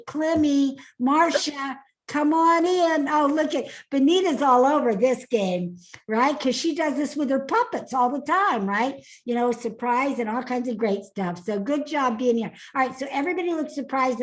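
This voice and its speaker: A woman's voice: high voice, rough recording. A woman speaking coach leading a live online masterclass, upbeat and laughing often, calling on attendees by name.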